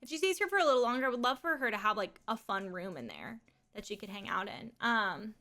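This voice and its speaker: A woman's voice: a little high, very animated, fast talker, pushed and bright. A woman live streaming from home, talking in a rambling, casual way and swearing and laughing often.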